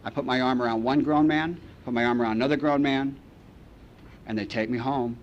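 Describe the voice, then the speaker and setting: A man speaking at a recovery meeting, telling his story with lively acted-out phone calls and repeated lines. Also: fairly quick, dull audio. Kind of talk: storytelling talk to an audience. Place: meeting hall. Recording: archival talk recording with faint rumble.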